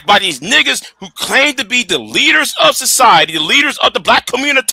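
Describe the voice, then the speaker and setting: Bright, animated man arguing hard. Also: very high voice, brisk, vocal fry, few pauses, breathy edge, no room sound. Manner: stammering, repeats words when interrupted; blunt and combative, swears freely. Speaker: live stream host. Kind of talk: heated live stream argument.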